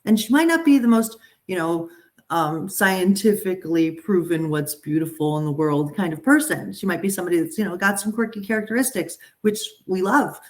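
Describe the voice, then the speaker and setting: Low-voiced chatty woman talent agent. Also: fairly quick. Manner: animated, chatty, frequent restarts and asides. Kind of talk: casual live talk to a group.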